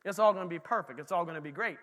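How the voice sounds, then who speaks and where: A pastor preaching a lively, conversational sermon in a church, talking straight to his congregation. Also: high-pitched, very fast, in a large hall.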